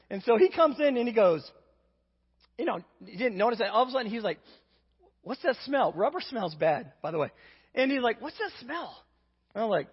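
A very high, husky male voice belongs to an Indiana preacher mid-sermon. He spins a funny personal tale, performing its voices with self-deprecating humor, and the dull lo-fi recording echoes in a reverberant hall.

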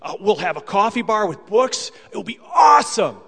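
A man's voice: fairly high pitch, normal speed, lightly acted. A man voicing an impulsive, eager male fisherman disciple in slangy modern chat, as part of a sermon. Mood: eager excited. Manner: animated, chatty modern slang. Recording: long hall reverb.

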